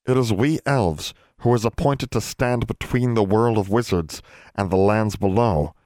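A man's voice: lowish voice, measured pace, darkish tone, dry recording, studio quality. A man voicing a grave male elf who speaks formally in broken grammar. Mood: solemn.

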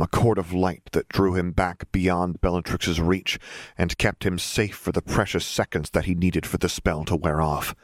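A man reading a fantasy story aloud in a steady, measured narration. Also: deep voice, no echo, clean studio sound. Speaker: audiobook reader. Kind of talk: narrated fan fiction reading.

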